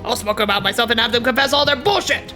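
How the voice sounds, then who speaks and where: A woman voicing a stubborn, hot-tempered old island man with a gruff folksy drawl while reading game dialogue aloud. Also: on the high side, fast talker, pushed and bright, soft background music.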